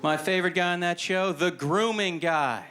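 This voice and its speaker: A man's voice: sits high, normal speed, a bit bright. A man doing observational stand-up on stage with a dry, mocking delivery. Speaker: stand-up comedian. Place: live comedy stage. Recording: noisy live venue.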